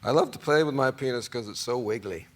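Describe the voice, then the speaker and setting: A man's voice: mid-range voice, fast, very noisy. A man in his forties, a talk show guest, telling a long anecdote in a rambling way, with many fillers and restarts. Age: 40s.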